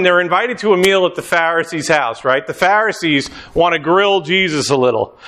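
A man preaching a sermon, telling a story with lively acted-out scenes and bursts of shouting. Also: a little high. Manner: animated storytelling, acts out scenes, rising to shouts. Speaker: pastor.

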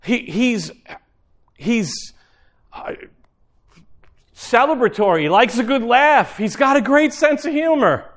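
Preaching to his congregation, a man with a fairly high voice and a rather bright, expressive tone keeps the sermon easygoing and conversational. Key phrases come back again and again, and he drifts into brief asides along the way.

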